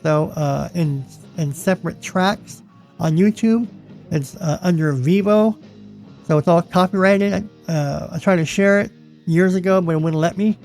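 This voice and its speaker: A man's voice: a little high, a little mellow. A man hosting a casual video, flipping through a magazine page by page in a chatty, rambling way that repeats itself. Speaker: vlog host.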